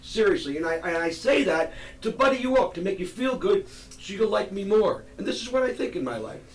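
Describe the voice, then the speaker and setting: A male comedian with a slightly high voice rambles through a self-mocking bit, stopping and starting as he goes. His voice sounds roomy and comes from a distance. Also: lively intonation, a little fast. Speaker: stand-up comedian. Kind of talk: self-deprecating stand-up. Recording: roomy live venue, distant mic.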